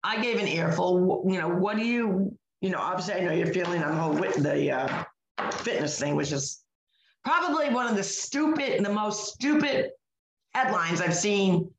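A woman's voice: lowish voice, expressive, normal speed, slight background noise. A woman co-hosting a podcast, telling an indignant story in casual chat, full of fillers and restarts. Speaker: podcast co-host. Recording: echoey room.

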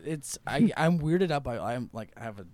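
A young man chatting casually as a podcast guest, telling animated stories and laughing often. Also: mid-range voice, moderate pace. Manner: animated storyteller, laughs often, acts out quotes. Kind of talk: casual chat.

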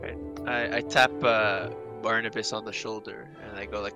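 A man's voice: fairly low pitch, level tone, normal speed, music in the background. A man playing a tabletop game, describing what his character does with lots of fillers and restarts. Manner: narrates his actions with many fillers.

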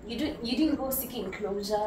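A woman's voice: on the high side, a little fast, a loud crowd. A woman with a Kenyan accent chiming in with short, teasing remarks in casual podcast chat, mixing in Swahili. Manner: teasing interjections, mixes in Swahili. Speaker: podcast co-host. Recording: echoey room, distant mic, faint noise.

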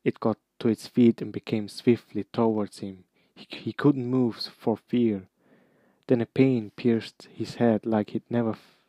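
Brief: male narrator, flat even delivery, dry close-mic reading with small slips. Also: on the low side, no room sound. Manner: steady reading with occasional slips and restarts. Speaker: reader. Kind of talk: amateur audiobook reading.

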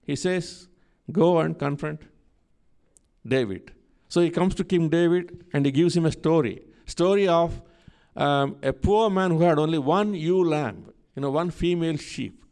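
A man's voice: on the high side, measured pace, darkish tone. A man preaching a sermon, telling a scripture story and repeating key phrases for emphasis.

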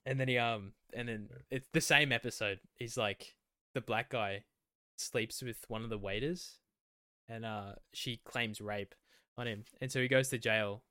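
A man's voice: mid-range voice, steady tone, measured pace, pushed and bright, clear, resonant tone, dry recording, clean studio sound. A man co-hosting a podcast, rambling and swearing casually as he retells TV scenes. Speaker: podcast co-host. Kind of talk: casual chat.

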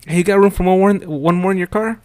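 Joking man with a higher voice. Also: fast talker, a little mellow. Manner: joking, teasing, swears freely. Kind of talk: casual group banter.

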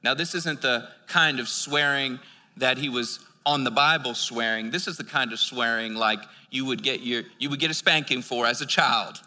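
An American man preaches a sermon, reading scripture and then explaining it in casual, chatty asides full of filler words and restarts. His medium-pitched voice is bright and forceful at normal speed, with a long reverb tail behind it.

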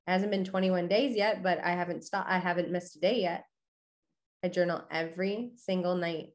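A woman's voice: on the low side, fairly even intonation, moderate pace. A young woman hosting a podcast, giving a casual motivational monologue in a chatty, upbeat way full of "you know" and "okay". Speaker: podcast host.

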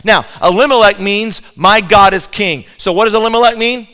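A man's voice: high-pitched, moderate pace, smooth. A man preaching a sermon, telling a Bible story with jokes and acting out the characters' lines. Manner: lively, joking storyteller who acts out quoted characters.

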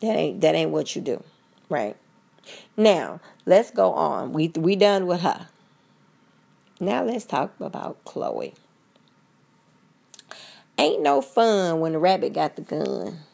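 A woman talking straight to her listeners in a blunt, profane, preachy rant. Her voice sits a little low and carries a gravelly fry. She keeps it loose and conversational, like a casual podcast. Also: very animated, slow, long pauses, warm tone. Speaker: commentator.

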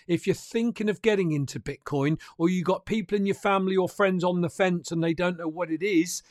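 A man's voice: sits high, fairly quick, a little mellow, no room sound, studio quality. A man hosting a crypto news livestream, talking to viewers in a chatty, emphatic way. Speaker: crypto news show host. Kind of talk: casual livestream commentary.

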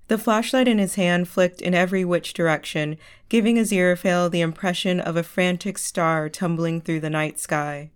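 A woman narrates a story in a measured audiobook reading. Her voice is smooth and resonant and sits a little low.

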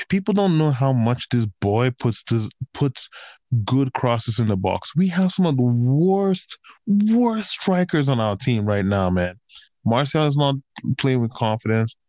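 A man talks football in a heated, profane rant, peppering his sentences with "bro" and "man". His pitch sits in an ordinary middle range, and the sound is close and dry with no room around it. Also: darkish tone, no room sound. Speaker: podcast host and football fan. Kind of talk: casual chat.

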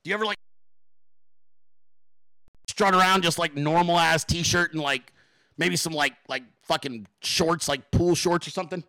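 A man hosting a casual solo talk show, excitable and rambling, swearing freely and full of fillers. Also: on the high side, normal speed, pauses often, no echo. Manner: excitable, profane, rambling with many fillers and laughs. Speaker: podcast host.

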